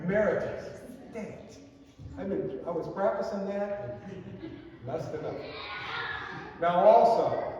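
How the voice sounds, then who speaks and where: Male pastor, mellow high voice, earnest sermon, distant and muffled in a reverberant sanctuary. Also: a little hiss or hum. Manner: slow, earnest, with small slips and asides. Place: church sanctuary. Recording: distant, echoey sanctuary, dull sound.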